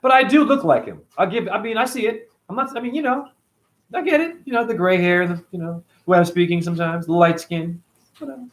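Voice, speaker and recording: A man's voice: sits high, lively intonation, fast. Middle-aged guy ranting on a livestream, swears a lot, preachy, voice jumps all over. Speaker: spiritual livestream host. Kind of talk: livestream rant answering chat.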